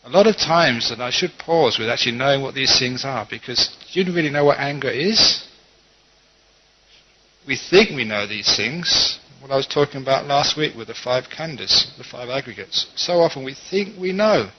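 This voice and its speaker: A middle-aged man, a Buddhist monk, giving a conversational dharma talk and teaching gently, with quoted asides. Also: medium pitch, lively intonation, moderate pace, a little hiss or hum. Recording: dull lo-fi talk recording.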